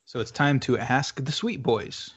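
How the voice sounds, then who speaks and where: A man's voice: medium pitch, slight background noise. Man co-hosting a casual podcast. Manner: reads segments quickly, chuckling. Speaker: podcast co-host. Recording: dull lo-fi audio.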